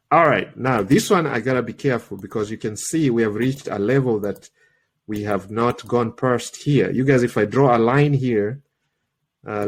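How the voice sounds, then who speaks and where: Male trading coach, non-native English speaker, mid-pitched, slightly worn voice, chatty live-tutorial delivery. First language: not English. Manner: chatty, peppers talk with "okay?" and "guys". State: recovering from a cold, voice slightly worn. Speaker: trading coach and livestream host.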